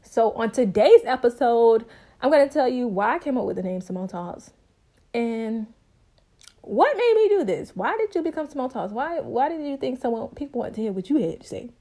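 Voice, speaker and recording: A young woman hosting her own podcast, telling her story in a bubbly, talkative, casual way. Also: moderate pace. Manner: bubbly, talkative, expressive with sudden high pitch jumps. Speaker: podcast host.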